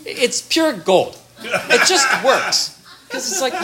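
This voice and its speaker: Animated therapist with a lively voice. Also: medium pitch, measured pace, a little hiss or hum. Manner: animated, acts out little dialogues in changing voices. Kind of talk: casual advice talk.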